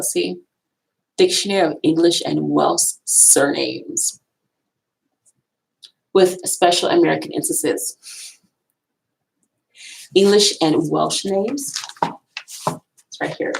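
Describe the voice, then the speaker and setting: A woman's voice: lowish voice, gravelly, low-quality recording. A woman vlogging casually from a college library, rambling and repeating herself as she shows off books. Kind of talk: casual talk showing books.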